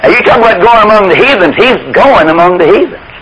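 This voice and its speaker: A man's voice: high voice, expressive, fast, a bit bright, slightly rough, dull audio. A man preaching a storytelling sermon in a folksy way, often asking the listeners rhetorical questions.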